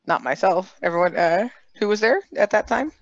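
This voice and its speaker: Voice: mid-range voice, animated, no room sound. Joking tabletop player, dull call sound. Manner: joking, quick interjections. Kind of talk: casual banter at a tabletop game.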